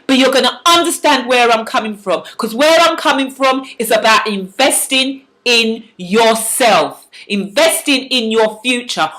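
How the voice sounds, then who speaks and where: A woman vlogger gives life advice in a fiery, preachy monologue to camera. She repeats words and restarts sentences as she presses her point. Her voice is high and fairly bright.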